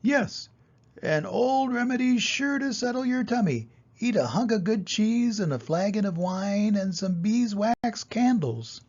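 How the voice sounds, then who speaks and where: An old man playing a calm, worldly storybook duck. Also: sits high, highs cut off, voice pushed up, heavily acted. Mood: chipper. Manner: matter-of-fact, unhurried. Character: calm, worldly male duck living inside a wolf.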